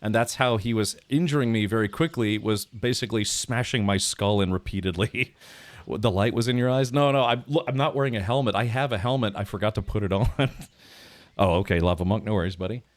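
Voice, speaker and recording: Guy streaming a game, rambly and laughy, talks to chat, lowish voice, dead dry sound. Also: brisk, no echo. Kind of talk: casual live gameplay commentary.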